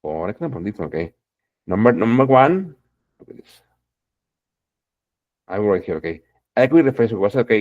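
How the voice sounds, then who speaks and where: A man's voice: on the low side, expressive, normal speed, pauses often, darkish tone, no echo. A man teaching an English class, encouraging students and saying "okay" and "exactly" again and again. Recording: dull lo-fi sound.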